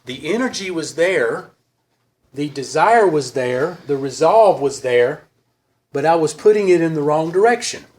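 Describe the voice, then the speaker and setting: A man speaking to a recovery group in a halting, earnest way, often pausing to search for words. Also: on the high side, lively intonation, a little mellow. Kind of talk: personal recovery talk to a group.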